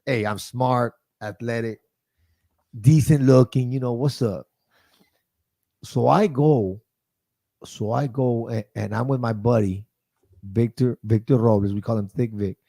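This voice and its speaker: A man in his forties hosting a podcast, telling a story in lively, casual chat that often starts with "hey". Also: mid-range voice, unhurried, vocal fry, long pauses. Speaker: podcast host.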